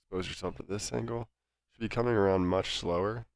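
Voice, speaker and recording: Low, gravelly man with a stuffy nose. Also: brisk, no echo. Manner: calm, instructive, with many fillers. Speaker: game coach. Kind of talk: coaching review commentary.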